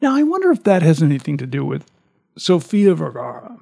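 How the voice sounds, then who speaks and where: A man's voice: a little high, wildly swooping pitch, a little fast, creaky, dark tone, breathy edge. A man co-hosting a talk show, chatting casually and reading out survey figures with an amused tone. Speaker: radio talk show co-host.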